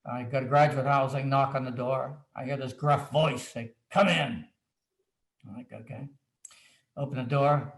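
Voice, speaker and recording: Animated storyteller man in an echoey room. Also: mid-range voice, moderate pace. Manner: animated storyteller acting out quoted asides. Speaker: guest author. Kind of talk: anecdotal storytelling on a video chat.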